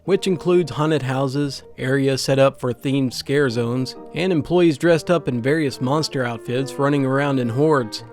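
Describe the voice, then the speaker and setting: A man reading funny anecdotes aloud in steady scripted narration. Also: medium pitch. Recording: faint background music.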